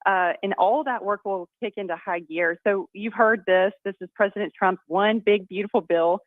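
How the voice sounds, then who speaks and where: A woman's voice: mid-range voice, moderate pace, no room sound. A congresswoman, talking enthusiastically as a guest on a radio show. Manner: upbeat, enthusiastic storyteller. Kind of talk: phone-in radio interview. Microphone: phone. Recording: tinny phone line.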